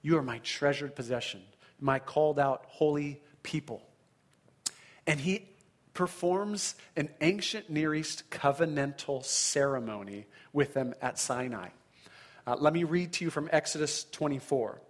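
Male pastor, slightly high voice, animated sermon delivery with dramatic scripture reading. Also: unhurried. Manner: animated preaching, frequent "right?" check-ins, dramatic scripture reading.

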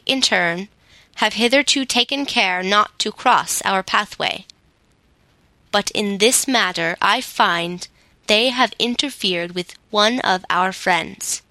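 A woman voicing a grave, calm immortal male master of the forests who speaks sternly. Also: mid-range voice, no room sound, poor audio.

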